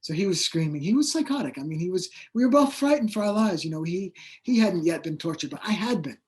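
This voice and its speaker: A man's voice: sits high, animated, quick pace, a little mellow. A man who is an author guest in an interview, telling his story in a rambling, hesitant way with many fillers. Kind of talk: conversational interview.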